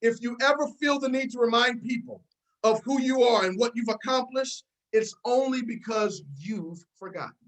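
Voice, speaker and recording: A woman's voice: fairly high pitch, moderate pace, low-quality recording. Fired-up woman leading a pep talk. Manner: fired-up, repetitive, calls out listeners by name. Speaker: team leader hosting a business call. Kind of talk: motivational pep talk on a video call. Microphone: video call.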